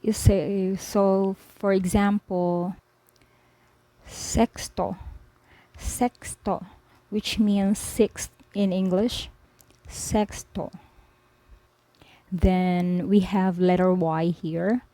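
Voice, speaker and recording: A woman's voice: medium pitch, level tone, slow pace, hardly any pauses, mellow, dry recording, rough recording. A woman teaching a spoken language lesson, explaining each letter patiently and repeating every example word several times. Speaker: language tutor.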